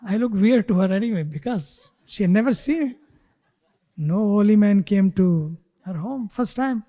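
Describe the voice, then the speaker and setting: A man giving a spiritual talk who tells a story slowly and sometimes drops to a whisper. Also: high-pitched, expressive, warm tone, in a large hall. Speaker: spiritual teacher. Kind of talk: sermon with storytelling. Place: retreat hall.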